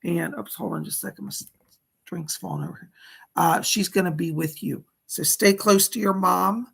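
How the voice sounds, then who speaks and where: Gravelly-voiced man giving psychic readings. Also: sits high, normal speed. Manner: soothing instructive guidance, then chatty and excited. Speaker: psychic medium. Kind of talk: live-streamed guided meditation and psychic readings.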